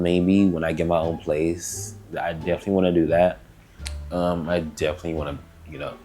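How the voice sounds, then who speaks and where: A young man chatting in a casual, rambling, slangy way, answering get-to-know-me questions on his vlog. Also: low-pitched. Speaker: vlogger. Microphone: camera mic.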